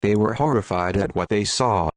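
A man narrating an audiobook in a measured, solemn reading. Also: lowish voice, no echo, clean studio sound. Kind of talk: scripted narration.

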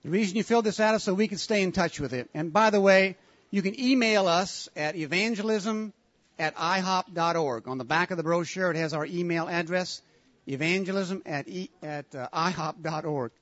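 Man, session leader, high voice, brisk announcements and prayer, lo-fi conference recording. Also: fairly bright tone, no echo.

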